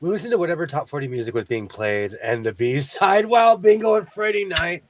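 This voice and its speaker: A man hosting a casual sewing chat, animated, breaking into song, who mentions a speech impediment. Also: a little high, brisk, slight background noise. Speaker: host.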